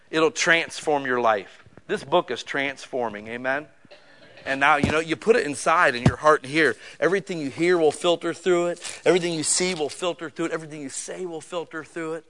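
A male pastor preaching a sermon in a church, joking and casual, swinging from quiet asides to loud bursts. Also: on the high side.

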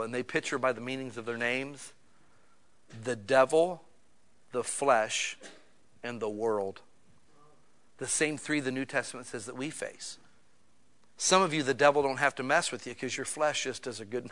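A man preaching a conversational sermon to his small church, swinging between loud emphatic bursts and quiet, intimate asides. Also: medium pitch, moderate pace, long pauses. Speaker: pastor.

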